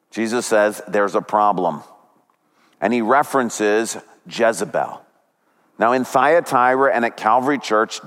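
A man's voice: mid-range voice, long reverb tail. A man preaching a sermon as pastor, retelling a story dramatically with big swings up and down.

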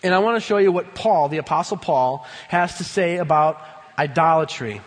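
Emphatic high-voiced male pastor, hall reverb. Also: normal speed. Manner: emphatic, swings from loud bursts to low earnest tones. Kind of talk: sermon. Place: church sanctuary.

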